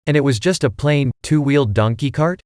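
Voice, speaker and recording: A man's voice: medium pitch, brisk, a little mellow, dry recording, clean studio sound, natural voice. A man reading an audiobook, voicing a clever teenage boy detective who speaks in precise, formal phrases. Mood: probing.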